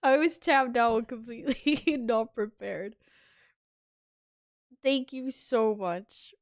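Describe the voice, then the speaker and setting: A woman streamer greeting her chat in a casual, excitable way, laughing and swearing often on a headset mic. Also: a little high, slow pace, dry recording, studio quality.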